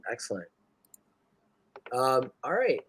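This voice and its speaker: A young man narrating as dungeon master in a relaxed, halting way with many fillers. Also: medium pitch, slight background noise. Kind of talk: narrating a tabletop game.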